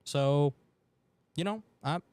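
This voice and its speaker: A man co-hosting a sports betting podcast in a radio studio, chatting casually and excitably. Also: a little high, slow pace, smooth, no echo. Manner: excitable, chatty, loud outbursts for his team. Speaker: podcast co-host. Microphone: studio mic.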